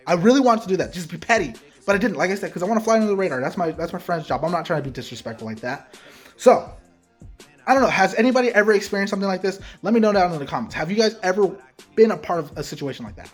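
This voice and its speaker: A man with a somewhat high, husky voice recounts a frustrating story straight to the camera, acting out each side of the conversation. Soft music plays underneath. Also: racing. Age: adult parent. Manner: animated, heated retelling with quoted dialogue. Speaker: sneaker vlogger.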